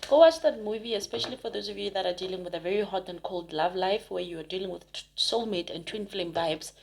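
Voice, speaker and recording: A woman's voice: medium pitch, quick pace, vocal fry. A woman giving a casual spoken tarot reading to her viewers, chatty and emphatic, rambling with frequent restarts. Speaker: tarot reader.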